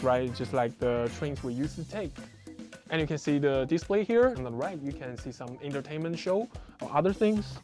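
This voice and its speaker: Chatty vlogger touring a train. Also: mid-range voice. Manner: relaxed, chatty, uses "well" often. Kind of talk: casual vlog tour.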